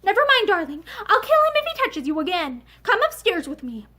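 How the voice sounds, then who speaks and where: A woman reading aloud plays a fierce young sister from a storybook. She flares up in sharp, indignant outbursts. The voice is high and bright. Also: very animated, brisk, full character voice. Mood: furious.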